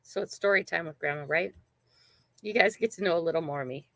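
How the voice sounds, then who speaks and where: Older woman host, gravelly, dry close sound, rambling emphatic storyteller. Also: on the low side, fast talker, fairly bright tone, no room sound. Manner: rambling, emphatic, frequent "right?" and "okay?". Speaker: channel host. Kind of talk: casual livestream storytelling.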